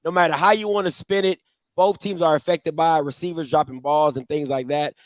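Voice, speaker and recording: A man hosting a sports talk show, making emphatic points about college football. His voice sits a bit high for a man. The sound is dry and close, with no room around it. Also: steady tone, fairly quick, no echo. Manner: emphatic, leans on "listen" and "at the end of the day". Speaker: show host.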